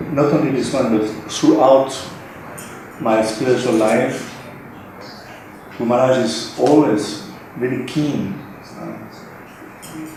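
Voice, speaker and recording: A man's voice: medium pitch, darkish tone. Earnest man in an echoey hall. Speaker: devotee sharing a realization. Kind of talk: devotional sharing. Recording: echoey hall, distant mic, faint noise.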